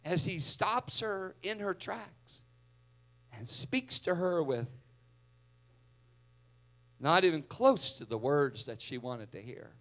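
A male pastor preaching a sermon in a church, dramatic, swinging from loud to hushed. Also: a little high, lively intonation, slow, long pauses.

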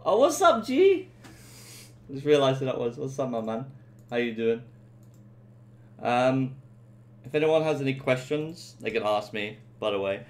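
A man's voice: mid-range voice, normal speed, long pauses. A young English man chatting casually with viewers while streaming a game. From England. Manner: relaxed, swearing, chatty with viewers. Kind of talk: casual live-stream chat.

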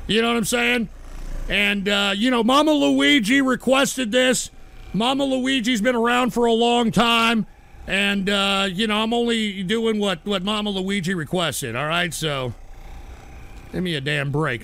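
A male livestream host reading chat aloud, combative, swinging from low mutters to angry shouting. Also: measured pace, vocal fry.

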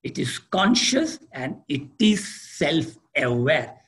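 A man with an Indian accent giving a spiritual lecture, deliberate and repeating key words for emphasis. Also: on the high side, very animated, fairly bright tone. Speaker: spiritual teacher.

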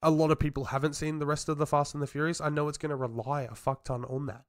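A man's voice: a little high, little pitch movement, fast, dry recording, studio quality. A man co-hosting a casual podcast chat, swearing often and teasing his co-host.

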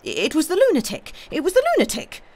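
A man's voice: sits high, expressive, unhurried, heavily acted. A man doing a frantic young curate. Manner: cries out in wild fatigue. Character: frantic young male curate, wild and weary.

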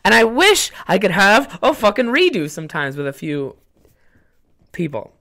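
A man's voice: sits high, very animated, normal speed, pushed and bright. A young man hosting a podcast, telling a casual, rambling story from home with lots of swearing and self-mocking asides. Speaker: podcast host.

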